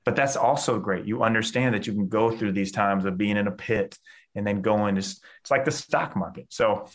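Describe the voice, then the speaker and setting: A man's voice: lowish voice, normal speed. A man, a mindset coach speaking in an enthusiastic, casual way in a podcast interview, often saying "like". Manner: enthusiastic, uses filler "like" often.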